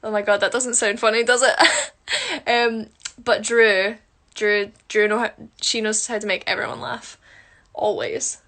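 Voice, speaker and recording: A woman's voice: mid-range voice, fairly even intonation, moderate pace, fairly bright tone. A woman chatting casually on a phone livestream at home, self-mocking and answering viewer questions while doing her makeup. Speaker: musical theatre performer.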